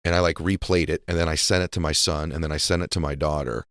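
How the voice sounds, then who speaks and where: A male podcast host with a very low voice keeps the talk going with steady affirmations. The recording is dry and close, with no room sound. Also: fast, no room sound. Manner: encouraging, frequent affirmations. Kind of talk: casual interview conversation.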